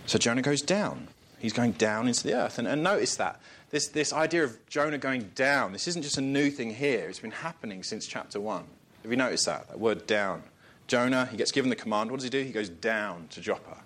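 Man, preacher, sermon, conversational, rhetorical questions, chuckling asides, middle pitch. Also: a bit bright. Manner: conversational, jokes and chuckles between points; asks the listeners rhetorical questions.

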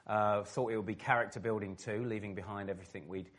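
Middle-aged man from England, lowish voice, animated storyteller, interview guest. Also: fast. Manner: animated, vivid storyteller who laughs often. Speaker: former footballer and pastor, interview guest.

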